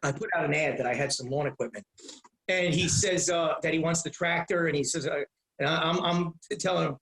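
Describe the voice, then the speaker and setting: A man in his fifties, a comedian guest telling rambling, animated stories in a casual interview. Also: a little high, a little fast, echoey room, poor audio.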